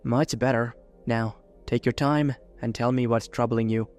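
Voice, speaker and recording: A man voicing an ancient Sith woman's spirit kept in a holocron, speaking with gentle, motherly patience. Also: medium pitch, steady tone, measured pace, clean tone, faint music behind, natural voice.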